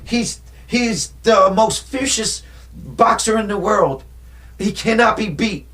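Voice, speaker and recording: A man's voice: high-pitched, lively intonation, slow, a bit bright, pitched above the performer's own voice, full character voice. A man mimicking a boastful boxing trainer in a mocking, hyped-up way.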